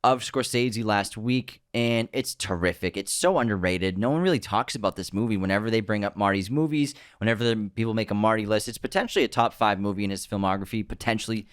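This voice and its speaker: A man's voice: lowish voice, fast talker, hardly any pauses, clean tone, no room sound, clean studio sound. A man co-hosting a casual film podcast, enthusiastically recommending movies. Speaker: podcast co-host.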